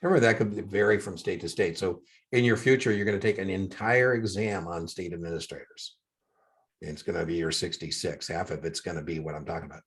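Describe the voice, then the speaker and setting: A man's voice: sits low, a little fast, breathy edge. An older man tutoring one student over a video call for an exam, chatty with joking asides.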